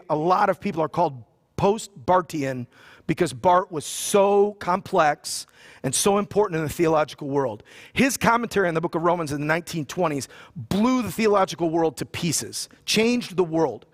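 A man's voice: sits high, lively intonation, normal speed. A pastor preaching a sermon. He reads scripture aloud and retells it in casual, joking everyday talk. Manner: casual and joking, with slang asides.

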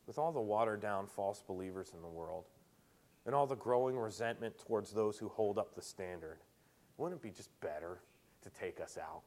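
A male preacher giving a sermon as an animated storyteller who acts out the people he quotes. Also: fairly low pitch, moderate pace.

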